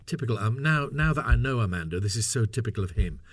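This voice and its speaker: A middle-aged voice actor, guesting on a casual interview, tells anecdotes in an animated, medium-pitched voice at a quick pace. He's chatty and self-mocking and laughs often.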